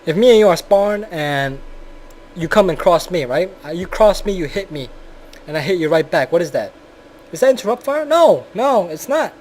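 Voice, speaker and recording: A man's voice: sits high, big pitch swings, moderate pace, darkish tone. A man giving a blunt, profane, rambling commentary on a video game.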